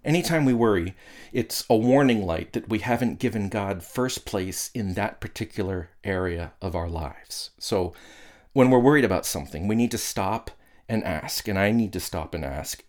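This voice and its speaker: Man preaching in a low, earnest voice. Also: animated, normal speed, a little mellow. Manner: earnest, conversational preaching with quoted prayers. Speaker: pastor. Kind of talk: sermon.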